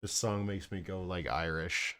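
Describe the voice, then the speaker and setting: A man's voice: low-pitched, steady tone, normal speed, bright, forceful tone, smooth, dry recording. A man streaming live as he paints miniatures, rambling casually, mocking himself and swearing freely into a close desk mic.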